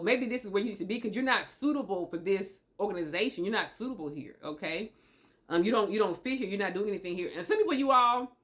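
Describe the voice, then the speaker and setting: A Tennessee woman with a medium-pitched, slightly bright voice gives relationship advice directly to the camera in a motivational monologue. She hammers her points home through emphatic repetition and keeps checking in with "okay?"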